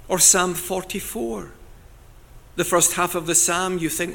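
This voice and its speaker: A man preaching a sermon in an earnest, deliberate way, now and then rising to loud cries as he quotes scripture. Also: high voice, fairly even intonation, creaky, a little hiss or hum.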